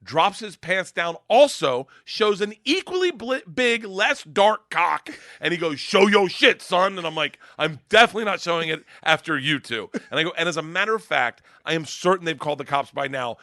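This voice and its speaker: A middle-aged male comedian telling wild road stories in casual chat, profane and rowdy, loudly acting out the people in them. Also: a little high, lively intonation, brisk, dry recording, clean studio sound. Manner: profane, rowdy storyteller who acts out voices loudly. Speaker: comedian guest.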